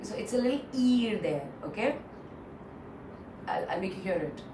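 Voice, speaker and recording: A woman with an Indian English accent teaching English pronunciation in a casual lesson, repeating words slowly and mixing in Hindi phrases. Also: mid-range voice, expressive. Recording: echoey room, distant mic, faint noise.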